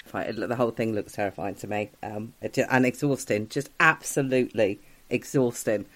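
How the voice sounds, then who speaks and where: A man's voice: fairly low pitch, normal speed, a bit bright. A man interviewing a guest with curious, joking questions. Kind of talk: casual interview chat.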